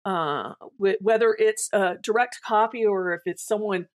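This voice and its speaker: A woman's voice: mid-range voice, moderate pace. Blunt, opinionated woman in casual chat. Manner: blunt, opinionated, many restarts.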